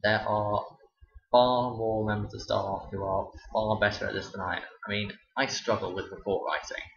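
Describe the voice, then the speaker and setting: A man's voice: lowish voice, flat delivery, normal speed, creaky, a bit bright. A young man, a teacher, telling stories casually to camera with a dry, sarcastic delivery. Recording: roomy, dull lo-fi sound.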